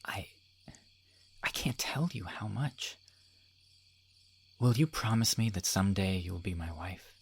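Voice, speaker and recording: A man playing a deep-voiced, devoted young suitor. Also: lively intonation, measured pace, creaky, pauses often, husky, full character voice. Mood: sincere. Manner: quiet, sincere, restrained. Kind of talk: audiobook character reading.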